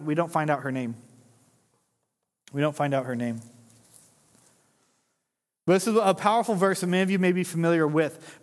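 A high-pitched man gives a sermon in an animated, chatty way, tossing in jokes and little acted-out voices. His voice rings out with a long reverb, as in a big church hall. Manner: animated, conversational preaching with jokes and acted-out quotes. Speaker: pastor.

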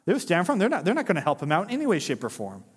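A man preaching a sermon in a lively, conversational way, joking with the congregation and acting out quotes. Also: high voice, racing, breathy edge, in a large hall. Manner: animated, conversational preaching with jokes and acted-out quotes. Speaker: pastor.

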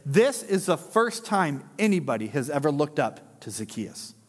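A high-pitched man gives a sermon in an animated, chatty way, tossing in jokes and little acted-out voices. His voice rings out with a long reverb, as in a big church hall. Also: moderate pace. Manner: animated, conversational preaching with jokes and acted-out quotes. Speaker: pastor.

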